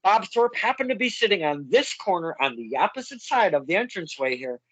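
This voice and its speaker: A man hosting a casual podcast interview, telling stories in a halting way as he searches for words. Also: high voice, sing-song, a bit bright, slightly rough, dry recording, poor audio. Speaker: podcast host.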